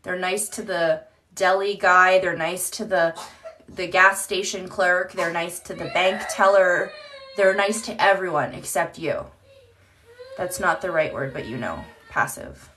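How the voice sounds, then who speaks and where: A woman's voice: lowish voice, unhurried, pushed and bright, slight background noise. Chatty woman live-streaming from home. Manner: chatty, swears freely, often laughs. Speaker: livestream host. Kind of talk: casual live-stream chat. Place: home, indoors. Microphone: phone.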